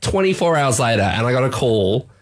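A man's voice: medium pitch, fairly quick. A young adult man with an Australian accent, co-hosting a casual podcast and telling a story with lots of acted-out quotes. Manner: animated storytelling, acts out quoted voices. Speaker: podcast co-host. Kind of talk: casual chat.

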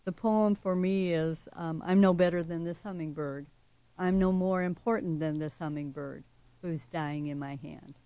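A woman poet reading her own poem and then talking about it as an interview guest, soft-spoken with slow, measured emphasis. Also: lowish voice, steady tone, no echo. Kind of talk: poetry reading and interview answers.

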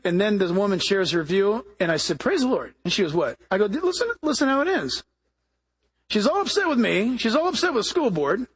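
A man preaching a sermon with a high, husky voice. He talks in an animated way and acts out the voices of people in his stories. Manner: animated, acts out quoted voices, repeats himself. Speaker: pastor.

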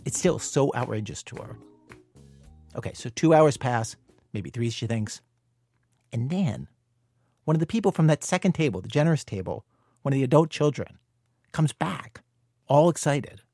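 A man narrating a podcast story in a measured, scripted way. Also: medium pitch, lively intonation, warm tone, dry recording, clean studio sound, faint music behind.

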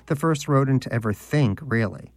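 A man's voice: mid-range voice, animated, moderate pace, no echo, soft background music, voice pushed up, close to an everyday voice. A man voicing a pompous, devout male pet hamster who lectures in a lofty, condescending manner, as an audiobook character. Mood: preachy.

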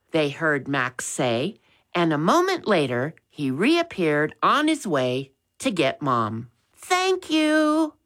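A woman reads a children's storybook aloud in a gentle, expressive way. Her pitch rises and falls a great deal, and she takes her time. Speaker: narrator. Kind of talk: storybook reading.

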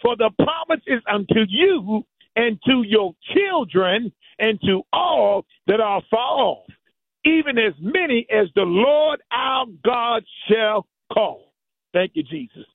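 Fervent high-voiced preacher on tinny radio. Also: male voice, expressive, slow pace, creaky, no room sound. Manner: rhythmic preaching with repeated "thank you, Jesus"; rises to high chanted peaks, then drops low. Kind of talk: fervent sermon.

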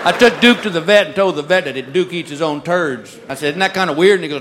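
A married man doing a stand-up comedy set, telling stories with deadpan, drawn-out punchlines. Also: on the high side. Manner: deadpan storytelling with drawled punchlines. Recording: live club mic with audience noise. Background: laughing crowd.

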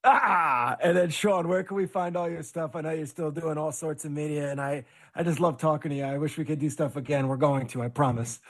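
A man hosting a sports talk show, briskly asking his guests questions. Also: fairly high pitch, steady tone. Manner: brisk, steers to wrap-up questions. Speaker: host. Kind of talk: podcast hosting.

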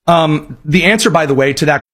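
A man's voice: fairly high pitch, fairly quick, a bit bright, soft background music. A man hosting a radio talk show, giving sarcastic, emphatic political commentary and reading quotes aloud.

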